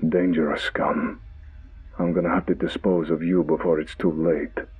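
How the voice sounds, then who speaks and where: A man's voice: sits low, level tone, moderate pace, slightly rough, phone-quality sound, faint music behind. A man voicing a grim vampire cop, heard through a monitor speaker. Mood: menacing. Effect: heard over a monitor speaker.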